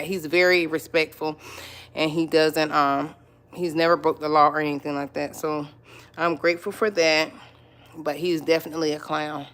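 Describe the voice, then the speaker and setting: A middle-aged woman hosting her own livestream, chatting casually with viewers, greeting them by name and repeating her points. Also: low voice. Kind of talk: casual live-stream chat.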